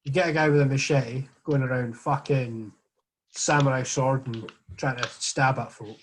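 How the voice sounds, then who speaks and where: A man co-hosting a casual podcast, quick and emphatic in his talk. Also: medium pitch, steady tone, a little hiss or hum. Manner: quick, emphatic, laughs often. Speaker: podcast co-host. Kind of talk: casual banter.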